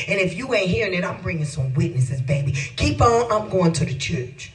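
A man in his fifties preaches through a homespun story in an animated, chuckling way, turning to the congregation with asides. His voice sits high, and the mic catches him from a distance. Soft music plays faintly underneath. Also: moderate pace. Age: 50s. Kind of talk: storytelling sermon.

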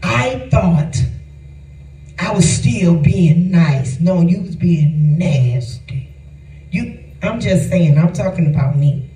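A man giving a sermon in a lively, conversational preaching manner, joking and laughing with the congregation. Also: high-pitched, slow pace. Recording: echoey room, voice from far off.

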